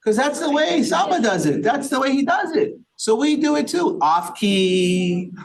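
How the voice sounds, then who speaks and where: This rabbi's voice is very high and sing-song, and he takes his time. He runs an interactive Torah study class for a small group at the synagogue, firing questions at them and dropping in Yiddish and Hebrew words.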